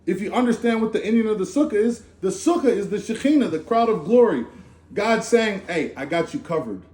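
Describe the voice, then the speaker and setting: Animated man preaching in an echoey room. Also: high voice, fairly quick. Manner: animated, conversational, slangy with asides. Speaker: speaker giving a Torah talk. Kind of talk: informal sermon. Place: Sukkot gathering in a room.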